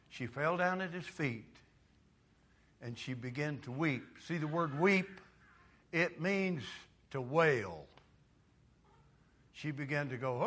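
A man preaching a sermon dramatically, dropping quiet and then rising to loud, impassioned cries. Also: on the high side, dull audio. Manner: dramatic, swings from quiet to shouting.

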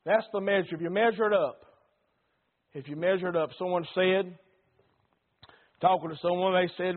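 A man preaching a sermon, swinging between loud passion and hushed warnings. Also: sits high, fairly even intonation, moderate pace, long pauses. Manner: impassioned preaching that rises and drops sharply in volume. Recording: tinny phone-like sound.

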